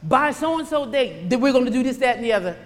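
A woman preaching a sermon, emphatic and animated, swinging between loud bursts and hushed asides. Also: sits high, quick pace, in a large hall.

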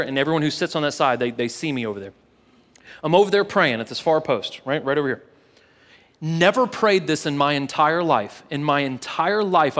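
Earnest pastor in a reverberant hall. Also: male voice, fairly high pitch. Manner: casual, earnest, repeats words, drops to a hush in prayer. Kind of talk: sermon with personal story and prayer. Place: church sanctuary, live service.

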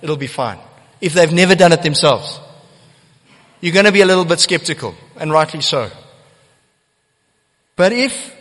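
A man's voice: on the high side, moderate pace, pauses often, fairly bright tone. A man preaching a sermon as pastor, earnest and emphatic, repeating key phrases for weight. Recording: long church hall reverb.

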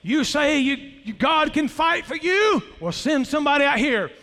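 A man's voice: extremely high pitch, animated, heavily acted. A man voicing a boastful, mocking giant warrior in a reverberant hall. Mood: taunting. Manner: taunting, louder and slower.

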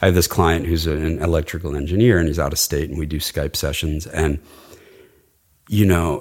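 Middle-aged male dialect coach, very low voice, chatty and rambling. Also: normal speed. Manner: enthusiastic, rambling, demonstrates sounds. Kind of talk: casual interview chat.

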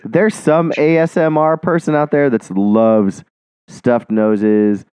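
A man's voice: medium pitch, level tone, slow, a little mellow, clean tone, dry recording. A stuffed-up man co-hosting a podcast, joking and teasing in casual banter. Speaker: podcast co-host.

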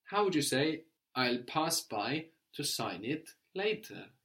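A man teaching a guided language lesson, asking prompting questions and slowing down to model phrases. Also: medium pitch, very animated, fairly bright tone.

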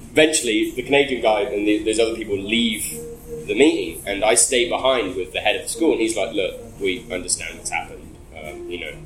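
A man's voice: on the low side, fairly bright tone, echoey room, a little hiss or hum, rough recording. A man casually telling a long, rambling story in an interview. He swears often and laughs between phrases.

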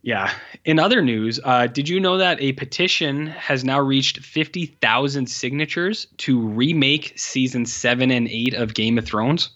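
A man's voice: medium pitch, unhurried, hardly any pauses, a bit bright, lo-fi sound. A man co-hosting a podcast, chatting casually about film news with many fillers and playful asides. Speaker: podcast co-host. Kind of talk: casual chat.

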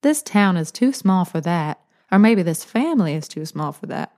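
A woman's voice: on the low side, very animated, moderate pace, a little mellow. Woman doing a teasing old grandmother. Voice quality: soothing, drawling.

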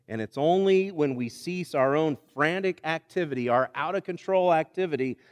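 A man's voice: mid-range voice, long reverb tail. A man preaching a sermon in a conversational way, often restarting his phrases. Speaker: pastor.

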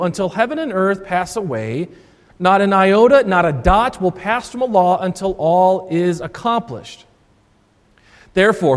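A male Lutheran pastor preaching a sermon, emphatic and repeating his key phrases for stress. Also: sits high. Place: church sanctuary. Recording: long church reverb.

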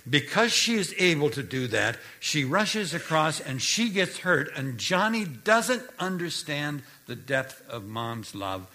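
A man preaching with a lively, swooping delivery and a bright, forceful tone. He tells his illustration at an unhurried pace, letting each beat land, and sinks low and soft for the gentle parts. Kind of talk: sermon storytelling.

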